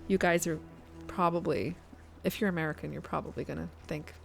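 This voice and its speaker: A woman's voice: low-pitched, fairly even intonation, brisk, creaky, soft background music. A woman, chatting casually to her viewers while playing a game on a live stream and thinking aloud. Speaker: guest streamer.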